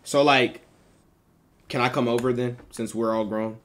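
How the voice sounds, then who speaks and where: A man's voice: mid-range voice, fairly even intonation, measured pace, slight background noise. A man streaming on a video chat app, chatting in a joking, slangy, profane way. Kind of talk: casual chat.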